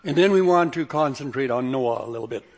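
A man's voice: medium pitch, animated, moderate pace, big-room sound. An older man, a pastor and grandfather, giving a sermon in a folksy, chuckling storytelling manner. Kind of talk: sermon with humorous stories.

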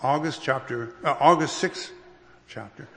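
A man preaching a sermon as a pastor, unhurried, with restarts and careful emphasis. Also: mid-range voice, vocal fry, a bit bright. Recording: long reverb of a hall.

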